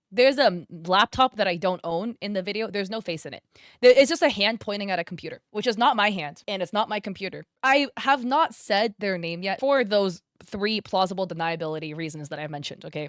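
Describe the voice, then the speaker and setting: A woman content creator talking straight to her viewers in a loose, chatty commentary, filler words and mild swearing scattered throughout. She has a crunchy way of shaping her words. The sound is close and dry, with no room echo. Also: medium pitch. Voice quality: crunchy enunciation. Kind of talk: casual commentary vlog.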